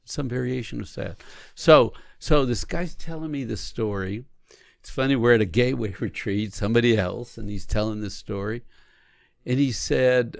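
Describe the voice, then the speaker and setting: A man co-hosting a podcast, talking casually and coaching through examples in an animated way. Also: mid-range voice, moderate pace, gravelly, dry recording, studio quality. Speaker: podcast co-host. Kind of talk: casual conversation on marriage.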